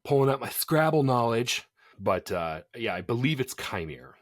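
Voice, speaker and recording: A man co-hosting a casual podcast, chatty and animated, laughing often. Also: medium pitch, normal speed, no echo, clean studio sound. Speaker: podcast co-host.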